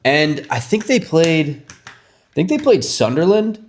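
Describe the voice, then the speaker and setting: A man's voice: fairly high pitch, big pitch swings, takes it slowly, a little mellow. A man co-hosting a podcast, talking eagerly about sports in a chatty, hedging way. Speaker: podcast co-host. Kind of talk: casual chat.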